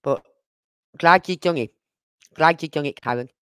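An outspoken older woman with a Brummie accent rambles through a casual livestream chat. Her voice comes through smooth and clear, with a dry, close sound and no room around it. She speaks her mind plainly and wanders from point to point. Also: low-pitched, normal speed, no echo. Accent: Birmingham (Brummie). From Birmingham, England. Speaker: livestream host.

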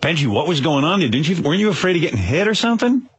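A man on a talk radio show telling a story excitably and stammering through his restarts. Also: fairly high pitch, rapid-fire, slightly rough.

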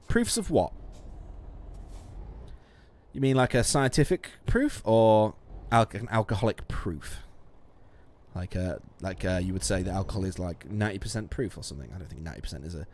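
A man's voice: deep voice, animated, normal speed, pauses often, darkish tone. A man casually commenting while playing a game, chatty and self-mocking, swearing often and laughing a lot. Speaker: streamer.

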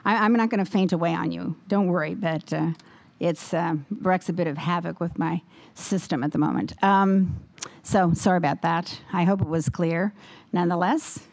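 A woman giving a formal lecture with a slightly wobbly voice, speaking in a measured, deliberate way and taking questions afterwards. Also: on the low side, fairly even intonation, gravelly, darkish tone. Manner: measured, deliberate, with many fillers when answering. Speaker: guest lecturer. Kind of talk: formal lecture, then audience Q&A.

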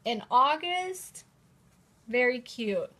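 A chatty woman hosts a casual live-stream showcase from her table, gushing over each item. Her voice sits a little high, and she speaks toward a camera propped in a holder. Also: expressive, extremely slow, fairly bright tone. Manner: gushing, chatty, repeats "how cute is that". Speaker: host presenting new planners. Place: indoors at a table at home.

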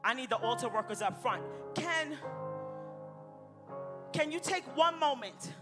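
A woman pastor delivers an impassioned sermon in a very high voice, leaning on repeated phrases as she calls people forward. Worship music plays clearly behind her in the church sanctuary. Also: animated, a little slow. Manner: impassioned, repetitive preaching cadence. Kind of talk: sermon with altar call.

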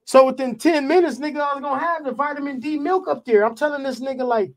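A man, a guest rapper, telling a profane, animated anecdote in casual talk. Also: very high voice, quick pace, gravelly. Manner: profane, animated, repeats "you know what I'm saying".

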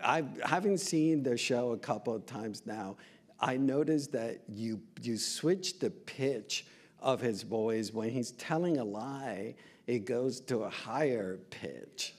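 A man's voice: medium pitch, takes it slowly. A man moderating a festival Q&A, asking questions hesitantly with many ums and restarts.

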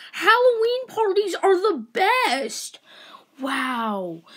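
Super high pitched woman goofing around in a skit, slow and bouncy, mumbles half her lines. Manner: playful, drops to mumbled whispers. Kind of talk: playful toy-play voices.

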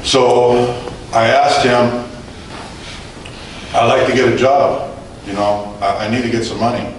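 A man in his forties or older tells his personal testimony to a church audience, acting out his own lines and the other people's lines as he goes. His voice sits at an ordinary pitch for a man. It rings through a very echoey hall, picked up from a distance, with faint room noise underneath. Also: steady tone, slow. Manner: storytelling, acting out dialogue, chuckling. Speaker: guest speaker giving testimony.

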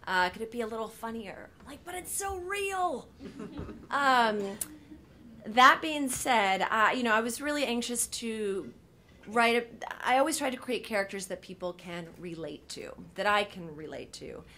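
Animated woman telling a story on a panel. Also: a little high, normal speed, a little hiss or hum. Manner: animated, many fillers and restarts, acts out quoted lines. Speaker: TV writer on a panel.

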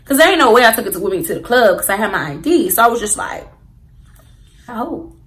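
A woman's voice: mid-range voice, sing-song, very fast, poor audio. A young woman telling a storytime to her viewers in a casual, slangy way, talking straight to the audience. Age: young adult. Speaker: vlogger.

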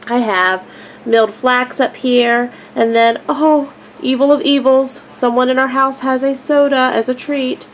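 A woman's voice: sits high, fairly even intonation, measured pace, a little hiss or hum. A woman casually narrating a family vlog, chatty and upbeat with frequent fillers. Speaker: vlogger, mother of a large family.

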